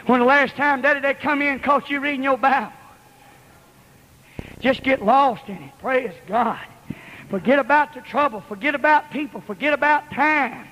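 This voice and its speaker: A man preaching a fiery revival sermon in church, shouting rhythmic repeated exhortations. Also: very high voice, normal speed. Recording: long hall reverb.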